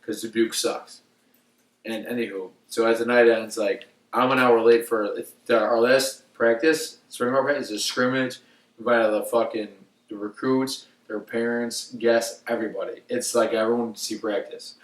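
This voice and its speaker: A man's voice: medium pitch, steady tone, normal speed, far from the mic. Rambling, swearing young man telling a story. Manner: rambling, profane, full of "like" fillers. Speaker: podcast co-host. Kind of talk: casual storytelling. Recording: echoey room, off mic.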